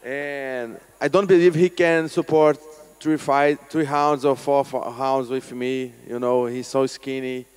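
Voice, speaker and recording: Slow, halting fighter in broken English. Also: male voice, mid-range voice, fairly even intonation, darkish tone, smooth. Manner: halting, non-native English, plainspoken. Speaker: fighter at a press Q&A. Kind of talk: casual press conference answers.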